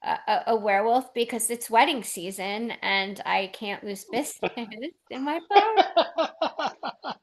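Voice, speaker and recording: A woman's voice: fairly high pitch, animated, slow. A woman playing an improv comedy game over a video call, protesting her case. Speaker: improv player.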